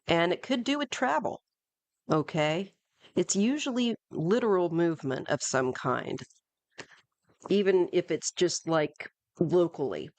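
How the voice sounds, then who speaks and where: A woman reading tarot cards live, chatting her way through with plenty of asides and "um"s. She talks slowly and unhurriedly. Her voice sits close and dry, with no room sound around it. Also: on the low side, animated, a little mellow, no echo. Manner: chatty, rambling, with frequent fillers and asides. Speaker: tarot reader. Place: home in Northern California.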